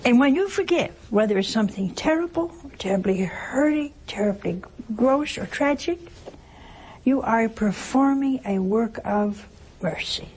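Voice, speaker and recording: A woman's voice: fairly high pitch, lively intonation, unhurried, darkish tone, slight background noise. An older woman preaching a sermon in a homespun, teasing way, asking rhetorical questions and acting out little everyday scenes. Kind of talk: sermon on works of mercy.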